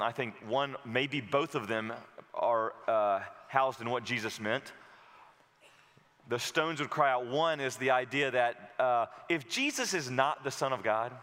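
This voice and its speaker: A man preaching a sermon as pastor, animated and rising to loud, emphatic peaks. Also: medium pitch, long reverb tail.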